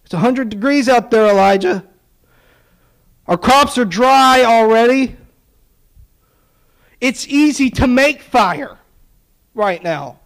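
A man's voice: very high voice, lively intonation, slow, pauses often, a bit bright, poor audio. A man preaching a sermon, retelling a story with acted-out dialogue and sarcastic asides.

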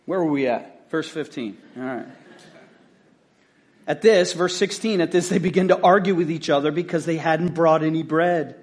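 A man pastor preaching a conversational sermon, telling the story in an animated, casual way. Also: fairly high pitch, normal speed.

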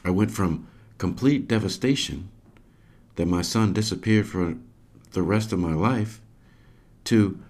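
Deep-voiced man telling a story slowly. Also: a little mellow. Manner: earnest, emotional storyteller. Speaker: podcast host. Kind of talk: storytelling narration.

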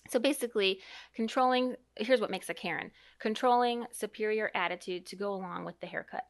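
Woman, 30s-40s, mom co-host, rambling casual podcast talk, mid pitch. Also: a little fast. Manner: chatty and rambling, reads aloud from an article.

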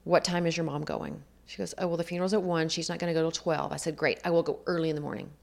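Gravelly, low-voiced woman telling her story. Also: fairly even intonation, racing, a little mellow. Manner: earnest, reflective storytelling with quoted dialogue. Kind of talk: personal storytelling in conversation.

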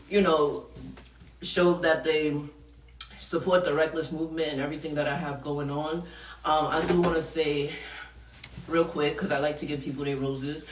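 A woman's voice: deep voice, echoey room, recorded from a distance, a little hiss or hum. A woman hosting a podcast in a studio, talking casually and frankly, laughing often and swearing freely. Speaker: podcast host.

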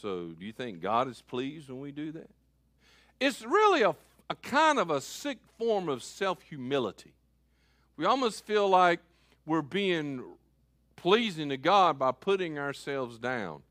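Animated high-voiced male preacher. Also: measured pace, no echo, clean studio sound. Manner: animated preaching, swings from loud calls to quiet asides. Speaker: pastor. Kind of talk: sermon.

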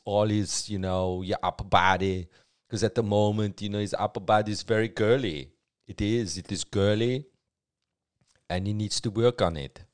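This is a grandiose elderly narrator as a man puts him on. He speaks in a low, slow, mock-solemn tone and rambles through flattering asides. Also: smooth, lightly acted. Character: deep-voiced elderly male celebrity narrator, gushing.

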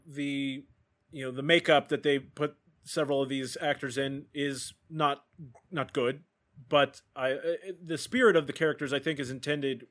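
A man with a somewhat high speaking voice, leading a relaxed film discussion. He poses questions and reflects in an agreeable, easygoing way.

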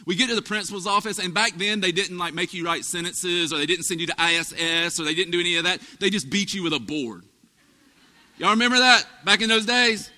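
A male pastor preaches with a high, very bright voice that carries. He tells folksy stories and throws asides to his congregation. His sermon rings out across the long reverb of a large church hall. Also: brisk. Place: church sanctuary.

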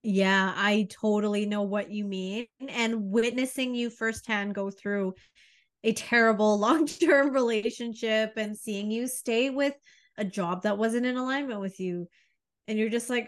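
A woman's voice: fairly high pitch, fairly even intonation, a little slow. A woman co-hosting a podcast in casual chat, rambling through analogies and laughing often. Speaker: podcast co-host.

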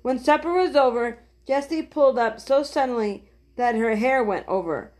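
A woman reading a children's book aloud gently, with small slips. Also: a little high, moderate pace. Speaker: storyteller.

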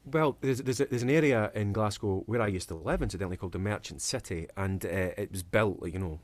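A man's voice: on the low side, fast, no room sound. A man guesting on a podcast as an actor, chatting casually, laughing often and trailing off into fillers. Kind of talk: casual chat.

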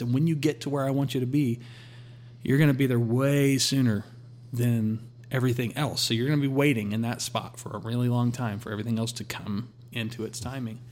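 A man sharing a personal faith testimony in a relaxed conversational way, acting out his talks with God. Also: mid-range voice, quick pace. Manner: storytelling, quotes God in a calm voice.

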